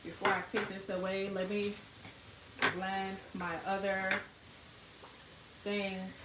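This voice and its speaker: A woman's voice: mid-range voice, completely flat delivery, slow pace, heavy background noise. Chatty woman cooking in an echoey kitchen. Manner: chatty, rambling with many fillers. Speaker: cooking vlogger. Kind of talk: casual cook-along chat. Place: home kitchen. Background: frying sizzle and kitchen clatter.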